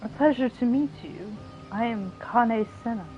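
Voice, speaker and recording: Woman doing a soft, dignified elder. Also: a little high, moderate pace, faint music behind, natural voice. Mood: solemn. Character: calm dignified female elder healer. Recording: dull lo-fi audio.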